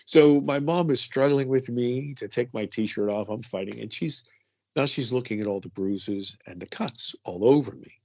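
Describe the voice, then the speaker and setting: A man's voice: mid-range voice, normal speed, creaky, darkish tone. A middle-aged man telling a personal story as an interview guest, chatty and full of "you know" asides.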